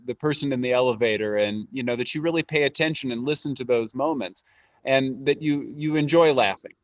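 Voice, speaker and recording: A man hosting an interview, putting viewers' questions in a halting way with many restarts. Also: mid-range voice, no echo, dull audio. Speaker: host.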